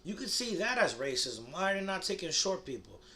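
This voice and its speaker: A man's voice: high voice, very animated, brisk, pushed and bright. A young man from the United States delivering a rambling, crude comedic monologue, full of fillers and restarts. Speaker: comedy vlogger.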